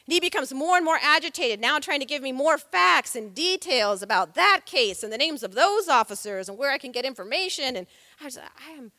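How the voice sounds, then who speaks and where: A woman's voice: sits high, animated, fairly quick, sharp tone, no room sound, clean studio sound, big-room sound. A woman civil rights lawyer telling a story on stage, vivid and dramatic. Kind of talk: storytelling talk.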